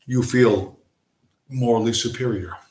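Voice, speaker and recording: A man's voice: medium pitch, steady tone, measured pace, darkish tone. A man hosting a livestream, delivering a blunt, profane, emphatic ranting monologue from a home room. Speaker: livestream host. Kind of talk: ranting monologue on a chill stream. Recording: roomy echo.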